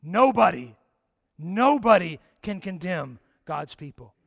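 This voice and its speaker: A male pastor with a high voice delivers an impassioned sermon. He swings between forceful emphasis and hushed, almost whispered lines, often putting questions straight to his listeners. The sound is dry and close. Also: big pitch swings, slow, gravelly, dry recording. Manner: direct questions to the congregation.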